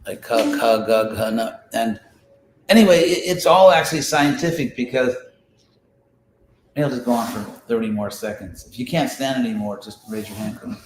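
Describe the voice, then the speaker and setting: A man's voice: mid-range voice, moderate pace. A male teacher gives an informal lecture to a class. He talks in a conversational way, often restarting his phrases and sounding out syllables aloud to show his point. His voice carries through an echoey room with faint background noise. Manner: conversational, explains with examples and repeated restarts. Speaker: teacher of a scripture study class. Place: class in a room, with listeners present.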